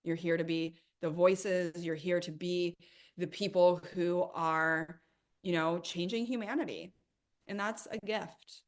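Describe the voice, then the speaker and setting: A middle-aged woman with a slightly low voice hosts a live money workshop. She talks emphatically and with energy, addressing her viewers directly as she answers their questions. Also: steady tone, unhurried. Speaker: host of a money coaching workshop.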